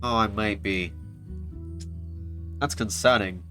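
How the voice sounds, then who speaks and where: A man's voice: fairly low pitch, takes it slowly, sharp tone, soft background music. A man streaming a video game, giving casual commentary in a wry, self-mocking way.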